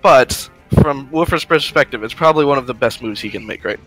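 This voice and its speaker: Bright sharp-sounding guy reacting to the race, jokey and sarcastic. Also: mid-range voice, brisk, faint music behind, low-quality recording. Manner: reactive, joking, sarcastic asides. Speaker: co-commentator. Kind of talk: live speedrun commentary.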